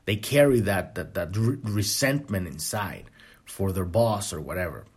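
A man's voice: sits low, moderate pace, husky. A man hosting a podcast, giving a casual spiritual self-help monologue full of swearing, restarts and fillers. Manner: casual, profane, animated, many restarts and fillers. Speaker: podcast host.

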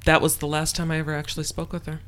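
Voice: mid-range voice, completely flat delivery, very fast, very noisy. An adult telling a personal story in a casual chat, acting out the quoted dialogue with lots of swearing.

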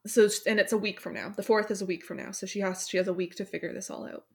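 A woman walks through a story's plot in a relaxed, chatty way. She leans on fillers and slips into little voices for the characters' lines. Her pitch sits in a middling range. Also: quick pace, gravelly. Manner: storytelling recap with many fillers, acts out quotes. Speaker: book club podcast host summarizing the plot. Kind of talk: casual plot recap.

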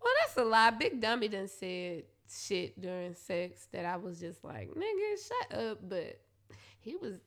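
Young woman, podcast host, casual storytelling, candid, profane, bright, sharp tone. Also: on the high side. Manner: candid, profane, animated, quick asides to listeners.

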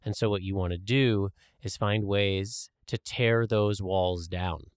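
A man's voice: lowish voice, steady tone, slow pace, clear, resonant tone, dry recording, clean studio sound. A man co-hosting a spiritual podcast, talking in a reflective, playful way. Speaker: podcast co-host. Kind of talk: casual spiritual podcast chat.

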